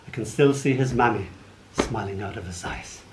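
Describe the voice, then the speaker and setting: A man's voice: fairly low pitch, moderate pace. A man in his sixties with an Irish accent, telling playful stories between poems at a live poetry reading. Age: 60s. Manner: playful storytelling, animated comic asides. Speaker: poet. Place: arts venue hall before a live audience. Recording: roomy hall, faint background noise.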